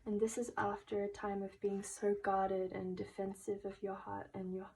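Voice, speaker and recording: A woman giving a pick-a-card tarot reading, speaking gently and emotionally and at times dropping into a whisper. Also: mid-range voice, completely flat delivery, normal speed, a little hiss or hum, low-quality recording. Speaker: tarot reader. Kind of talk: soft-spoken tarot reading.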